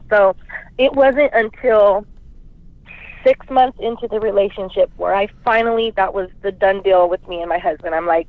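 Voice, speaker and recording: A woman calls in with an emotional confession, rambling as she quotes both sides of arguments. Her mid-range voice moves at a moderate pace over a thin, dry phone line with no echo.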